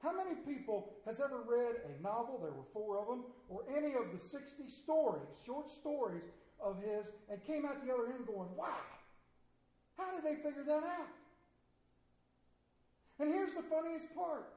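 Male pastor, high-pitched, folksy sermon storyteller, big swings from loud to hushed, echoey sanctuary. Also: big pitch swings, normal speed. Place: church sanctuary.

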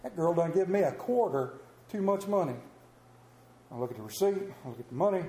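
A man's voice: a little high, lively intonation, quick pace, dark tone. A man preaching a sermon as pastor, telling folksy stories and joking about himself. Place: church. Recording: echoey church room.

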